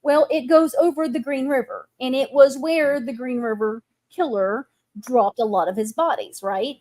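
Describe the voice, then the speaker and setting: A woman's voice: sits high, moderate pace. A woman host, telling stories in a casual chat. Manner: animated storytelling.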